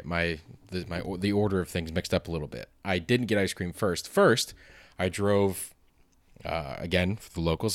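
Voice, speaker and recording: Deep-voiced man with a sore throat. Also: fairly bright tone, no room sound. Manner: rambling, self-deprecating, swears freely. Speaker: vlogger. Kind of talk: casual monologue.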